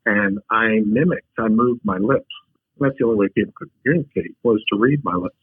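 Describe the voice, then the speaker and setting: A man, a podcast guest, telling personal stories in a humorous, unhurried, casual way. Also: medium pitch, animated, creaky, husky, no echo. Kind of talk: casual storytelling. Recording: dry, tinny phone-like line.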